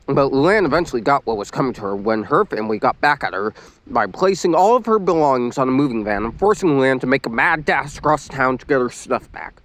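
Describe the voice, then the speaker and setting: A man reading fan fiction aloud in an expressive storytelling manner. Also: medium pitch. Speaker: reader.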